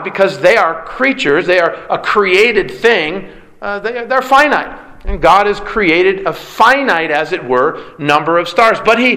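Pastor guy preaching, fairly high voice, earnest and chatty, lots of questions to the crowd. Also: pushed and bright, low-quality recording. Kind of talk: sermon.

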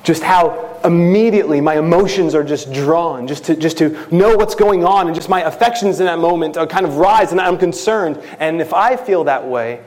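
A man's voice: fairly high pitch, normal speed, hardly any pauses, darkish tone. A man preaching a sermon in an earnest, teaching manner, a parent of children. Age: adult with children. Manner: earnest, rises to impassioned prayer voice.

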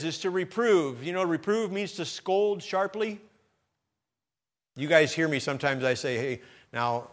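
A man's voice: sits high, a bit bright. A man, a pastor, preaching a sermon with emphatic rising bursts and light jokes to the congregation.

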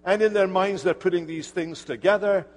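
Guy preaching in church, kinda high voice, emphatic, big hall echo. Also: moderate pace. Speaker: pastor. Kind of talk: sermon. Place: church sanctuary.

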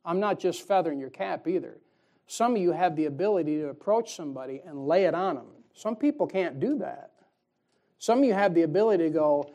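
A man's voice: a little high, lively intonation, brisk, mellow. Folksy, joking male preacher. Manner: folksy, jokey preaching with call-and-response "amen". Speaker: pastor. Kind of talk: sermon.

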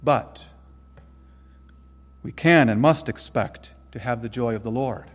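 A man preaching a sermon, earnest and emphatic, slowing down to stress key phrases. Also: medium pitch, in a large hall. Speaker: pastor.

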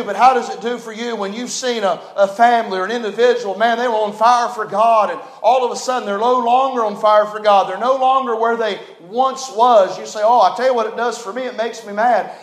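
A man preaching a sermon as pastor, fervent and folksy, swinging from loud declarations to hushed, low passages. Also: roomy sound. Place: church sanctuary.

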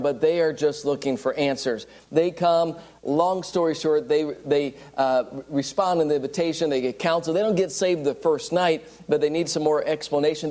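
A man's voice: a little high, a little mellow. A man preaching a sermon, telling stories and acting out the people in them. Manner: storytelling, acts out quoted people. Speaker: traveling evangelist preacher.

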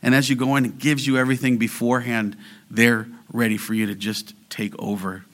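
A man preaching a sermon as pastor, moving between quiet explanation and loud, emphatic exhortation. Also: mid-range voice, little pitch movement, brisk.

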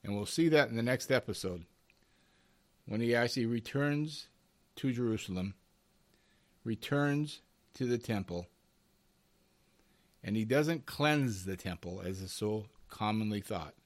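A man's voice: lowish voice, expressive, a little slow, long pauses. A man preaching a Bible lesson, emphatic, with rising and falling intensity and strings of rhetorical questions, addressing his listeners as beloved. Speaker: Bible teacher.

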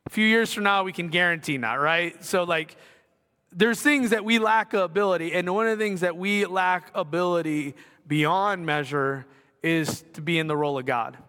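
Middle-aged male pastor, high and bright, chatty with self-deprecating asides, recorded in a reverberant gym. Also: normal speed, clear, resonant tone. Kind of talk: sermon. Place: school gymnasium. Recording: long reverb of a gymnasium.

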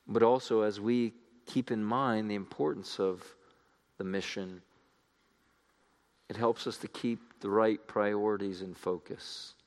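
A man's voice: on the low side, fairly even intonation, unhurried. A man preaching a sermon, earnest and building to fervent appeals to his listeners.

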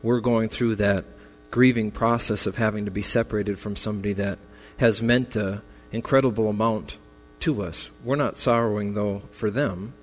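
A man's voice: fairly low pitch, steady tone, normal speed, hardly any pauses. A man preaching a memorial sermon as pastor, earnest and consoling, his voice building in intensity. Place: church sanctuary. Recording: long reverb with faint music.

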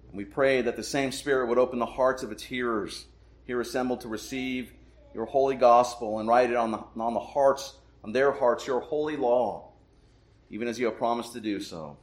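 Male pastor, mid-pitched, solemn and measured sermon delivery, roomy church echo. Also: slight background noise. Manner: solemn, measured, slows for emphasis. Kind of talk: sermon with prayer and scripture reading.

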